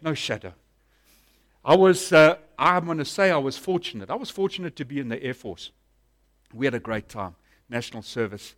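A middle-aged man preaching a sermon, telling a story and swinging from loud bursts to hushed lines. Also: medium pitch, expressive, normal speed. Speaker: pastor.

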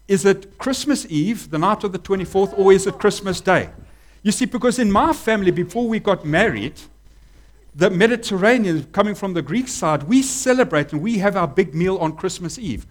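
A man preaching a sermon as pastor, animated, acting out voices and dropping to a hush. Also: high-pitched, fairly quick. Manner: animated preaching, acts out voices, swings from loud to hushed.

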